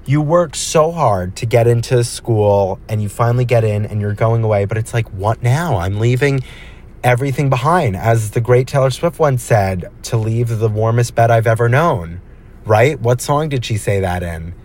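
A man's voice: mid-range voice, moderate pace, darkish tone. A young man hosting his own podcast, chatting casually and rambling, joking and talking straight to his listeners. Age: young adult. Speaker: podcast host. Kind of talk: casual solo chat.

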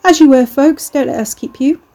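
A woman's voice: high-pitched, brisk, warm tone, pitched above the performer's own voice. A woman doing a cocky taunting man. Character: brash mocking male troublemaker.

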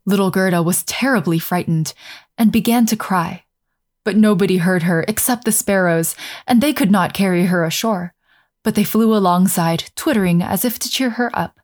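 A woman narrating a fairy tale aloud in a calm, measured way, slowing down over scenic passages. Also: mid-range voice. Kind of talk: storybook narration.

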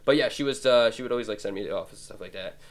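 A man's voice: on the low side, racing. A man in his twenties hosting a podcast, telling rambling, profane comic stories and laughing along the way. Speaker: podcast host.

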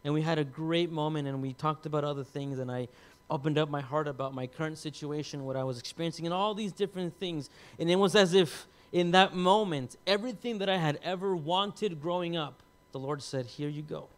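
A man in his thirties, a pastor, telling a personal story in a sermon, emotional and confessional, dropping to hushed tones and rising loud at times. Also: a little high, fairly quick.

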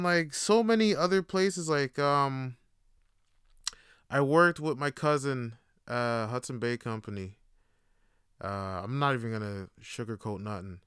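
A man's voice: mid-range voice, a bit bright, clear, resonant tone, no echo, studio quality. A young man, hosting a podcast and telling profane, rambling stories with laughter. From Canada. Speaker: podcast host. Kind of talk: casual monologue.

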